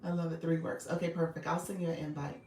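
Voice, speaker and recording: A woman's voice: low voice, fairly even intonation, fast, a little mellow, reverberant, recorded from a distance, slight background noise. A woman coaching on a live stream, upbeat and repetitive, often laughing and calling viewers by name. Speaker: livestream coach and host. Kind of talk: live-stream coaching talk, reading chat.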